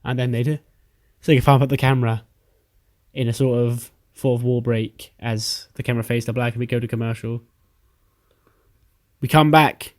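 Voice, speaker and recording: A man's voice: medium pitch, steady tone, normal speed, long pauses. A man casually narrating his own playthrough of a wrestling management game. He swears freely and briefly acts out the characters' lines as he tells the story. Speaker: game let's-player narrating a wrestling sim.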